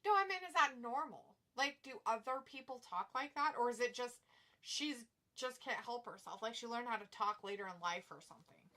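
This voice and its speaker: A woman's voice: fairly high pitch, lively intonation, moderate pace, sharp tone. A woman co-hosting a live watch-along stream, chatting bluntly and reading chat messages aloud.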